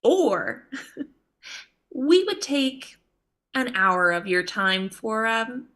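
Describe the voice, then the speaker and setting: A woman's voice: fairly high pitch, big pitch swings, drawn-out words, a bit bright, exaggerated voice. A woman voicing a shrewd trader who haggles in a coy, wheedling, playful way. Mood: haggling.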